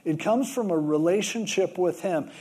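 A man's voice: high voice, normal speed, darkish tone, slightly rough. A man preaching a sermon, telling stories and acting out the voices in them. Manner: storytelling, acts out quoted voices. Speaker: pastor.

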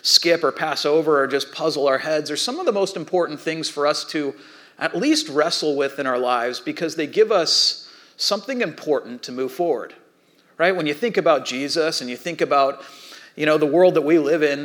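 Animated storytelling pastor, man. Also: fairly high pitch, moderate pace. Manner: storytelling, animated voices for quoted kids. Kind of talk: sermon.

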